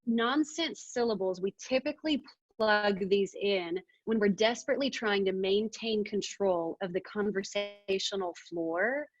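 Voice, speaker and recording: A woman's voice: medium pitch, no echo. Lady trainer, punchy and emphatic, dull dry call audio. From Arkansas. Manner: energetic, emphatic, demonstrates vocal techniques. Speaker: presentation skills trainer. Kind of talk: webinar training talk.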